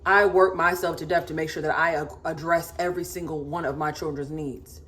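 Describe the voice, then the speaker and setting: A woman's voice: low voice, steady tone, brisk, fairly bright tone. A woman in her thirties, a mother of four, ranting to camera in an emphatic, sassy way and repeating herself for stress.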